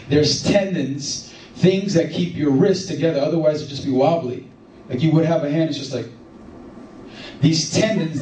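A man preaching a sermon as pastor, telling stories in an animated way and rising to excited emphasis. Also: fairly high pitch, a little hiss or hum. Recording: echoey room from far off.

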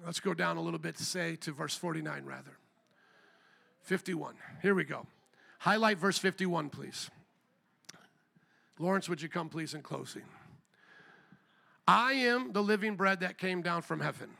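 Bright high-voiced male preacher. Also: normal speed, creaky, long pauses. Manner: emphatic, asks the congregation questions. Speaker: pastor. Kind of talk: sermon.

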